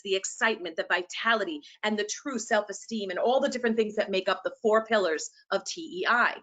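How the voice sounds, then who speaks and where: A woman with a New York accent, presenting passionately to teachers and sometimes talking fast. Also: on the high side, a bit bright. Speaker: educator and presenter.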